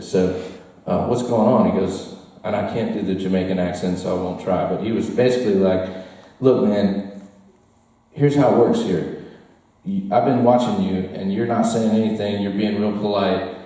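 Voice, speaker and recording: A man telling a live comic story to a bar audience, animated and laughing as he goes, chatting with the crowd. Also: fairly low pitch. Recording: roomy echo, mic far off.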